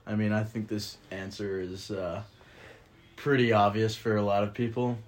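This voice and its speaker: A young man appearing as a guest on a casual sports podcast, relaxed and low-key. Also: normal speed.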